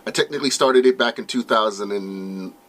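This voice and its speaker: Male podcast host, 30s, low-ish voice, slightly hoarse, loose rambling solo intro. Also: fairly quick, a bit bright. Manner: rambling, many fillers and restarts. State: losing his voice.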